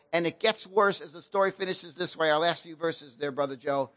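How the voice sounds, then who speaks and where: A man pastor retelling a scripture story in relaxed, slangy speech, with a high and bright voice. He speaks with lively, animated emphasis. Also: a little fast, few pauses, no room sound. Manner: casual slang-laced preaching, animated storytelling. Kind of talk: sermon.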